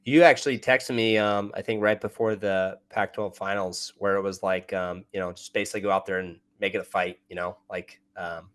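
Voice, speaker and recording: A man's voice: sits low, steady tone, brisk, hardly any pauses, a bit bright, clean tone. A man hosting a podcast, recalling anecdotes in a casual, filler-heavy way. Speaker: podcast host. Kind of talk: casual interview chat.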